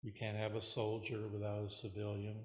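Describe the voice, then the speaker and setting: A man as Zen teacher giving a dharma talk in a relaxed, rambling, hesitant way, at a meditation center. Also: on the low side, brisk. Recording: roomy hall echo.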